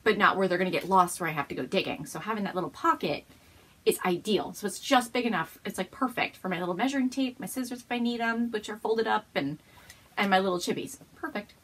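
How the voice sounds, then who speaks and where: A woman's voice: medium pitch, quick pace, a bit bright, slightly rough. A woman hosting a casual show-and-tell episode at home, gushing and bubbly, often laughing as she talks. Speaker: podcast host.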